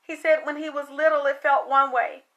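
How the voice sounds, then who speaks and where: Woman, high and bright, psychic channeling a spirit, emotional and rambling, drops curses. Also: steady tone, moderate pace. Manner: emotional, rambling, swears casually. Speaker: psychic medium. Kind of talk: channeling spirit messages, monologue.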